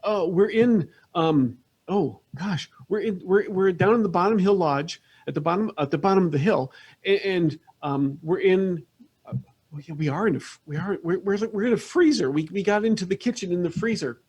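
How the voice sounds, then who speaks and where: Flustered young woman put on by a man, stammering, breathless, high voice, tabletop game. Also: moderate pace, a little mellow, slightly rough, highs cut off.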